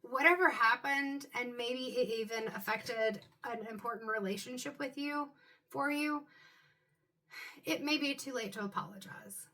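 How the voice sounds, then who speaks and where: A woman reads tarot cards for her viewers in an unhurried, musing way, stopping often on "um" and "like" while she thinks. Her voice sits a little high and rings bright and forward. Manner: musing, loose, with frequent "um" and "like". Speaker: tarot card reader. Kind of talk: intuitive tarot reading addressed to viewers.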